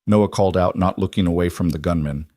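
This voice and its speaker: A man narrating a dramatic story in a steady, scripted storytelling manner. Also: deep voice, fairly quick, no echo, clean studio sound.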